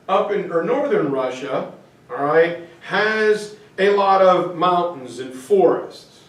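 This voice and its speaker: A man lectures to a history class, slow and chatty with frequent ums. His voice is a bit high, and it is picked up from across an echoey classroom. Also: far from the mic. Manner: chatty, many fillers, jokes with students. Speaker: history teacher.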